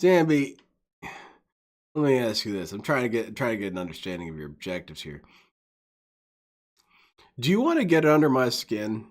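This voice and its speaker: A man streaming a video game, chatting, laughing a lot and rambling excitably. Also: medium pitch, normal speed, pauses often. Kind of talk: let's play commentary.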